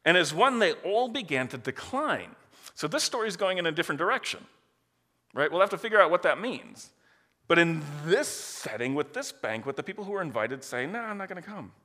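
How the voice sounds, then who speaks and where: Lively conversational preacher in a hall. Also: male voice, on the high side, brisk. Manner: lively, conversational, laughs often. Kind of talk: sermon.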